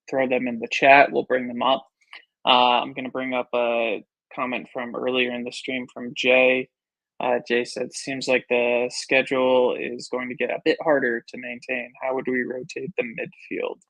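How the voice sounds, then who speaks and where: A man's voice: mid-range voice, dry recording, low-quality recording. A man hosting a live football stream, reading viewer comments and moving through topics with a lot of "uh". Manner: steady, reads out viewer comments, filler-heavy. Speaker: stream host.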